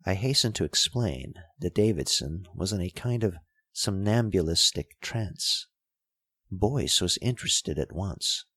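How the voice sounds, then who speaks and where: Male audiobook narrator, husky low voice with lots of pitch movement, unhurried, close and dry. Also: no echo. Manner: measured, expressive storytelling. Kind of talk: audiobook reading of a classic story.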